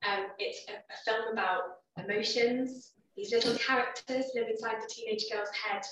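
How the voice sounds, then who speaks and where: A woman's voice: on the high side, steady tone, moderate pace, fairly bright tone, slight background noise. A woman giving a conversational teaching talk as a biblical counsellor at a church evening. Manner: chatty, conversational, with asides and fillers. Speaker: biblical counsellor, guest speaker. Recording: echoey hall, far from the mic, dull sound.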